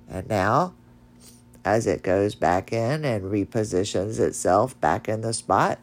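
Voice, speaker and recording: A woman with a nasal voice hosts her own podcast in a loose, chatty ramble, often laughing at herself. She takes her time, with unhurried, drawn-out phrasing. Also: extremely low pitch. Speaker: podcast host. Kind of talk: casual solo podcast talk.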